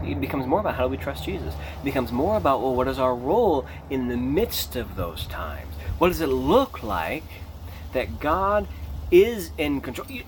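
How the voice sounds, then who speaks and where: Male pastor preaching off the cuff, expressive delivery with big pitch swings, faint hiss behind. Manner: animated, emphatic, rising to a near shout on key points. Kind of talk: unscripted sermon.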